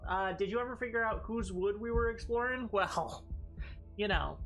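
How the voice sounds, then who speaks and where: A woman's voice: medium pitch, normal speed, a bit bright, soft background music. A woman streaming a game, chatting casually with a playful, sarcastic manner and loose swearing. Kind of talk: casual gaming stream chat.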